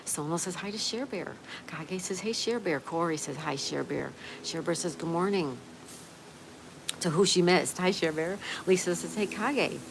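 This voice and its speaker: A woman's voice: lowish voice, moderate pace, vocal fry, noisy background. A woman from Florida hosting a livestream, chatting and reading viewer messages aloud. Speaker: livestream host. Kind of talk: reading live chat aloud. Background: rain ambience.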